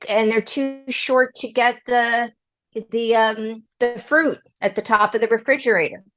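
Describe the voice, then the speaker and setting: A woman's voice: on the high side, a little slow. Emphatic middle-aged woman giving parenting advice. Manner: emphatic, animated, acts out quoted lines. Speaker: podcast guest. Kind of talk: casual advice interview.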